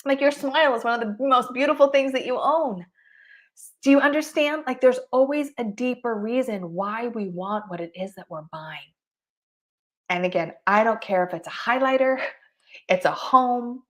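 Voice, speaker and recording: A woman with a fairly high voice runs an online marketing coaching session at normal speed. She's expressive and emphatic, acts out examples, and often laughs between points.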